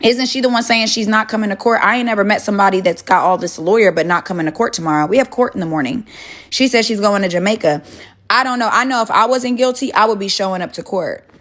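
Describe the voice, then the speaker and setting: With a medium-pitched, fairly bright voice and a quick pace, this young woman chats bluntly with viewers on a phone livestream from her home kitchen. She swears freely and argues back at them.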